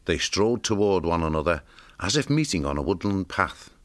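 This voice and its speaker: A man reading a storybook aloud in a measured, expressive narration. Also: sits low, dry recording.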